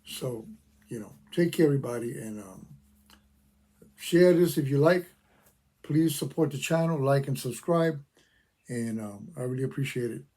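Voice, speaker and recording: A man's voice: medium pitch, moderate pace, pauses often, warm tone. An older man, a veteran, ranting passionately to his channel's viewers, talking emphatically and repeating himself. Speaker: veteran YouTuber. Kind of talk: opinion rant to camera.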